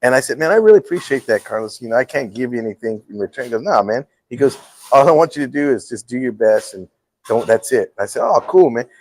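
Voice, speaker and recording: Speaking fast in a mid-range voice, this middle-aged talk show host relays a story in a casual setting, playing out the quotes with laughter and lots of animation. Audio quality is poor.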